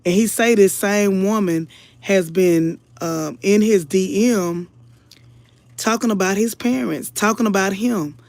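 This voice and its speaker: Unhurried and creaky, her mid-range voice has a slightly mellow quality, recorded with no room sound. She's an online commentator chatting casually with viewers, earnest, emotional, a little preachy, and constantly saying y'all.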